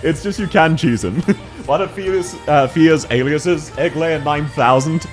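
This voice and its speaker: A man's voice: on the high side, unhurried, soft background music. A young man streaming a video game, chatting with viewers and laughing often between casual, swearing remarks. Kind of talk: casual game commentary reading chat.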